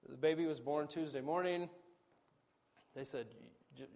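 A middle-aged man preaching a sermon, animated, swinging between loud emphasis and quiet asides, often acting out quoted dialogue. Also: medium pitch, moderate pace. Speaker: pastor.

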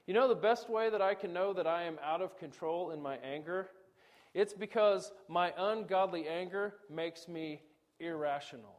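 Higher-voiced man preaching animatedly. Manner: animated preaching with quoted dialogue, pitch swinging up and down. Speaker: pastor. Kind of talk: sermon.

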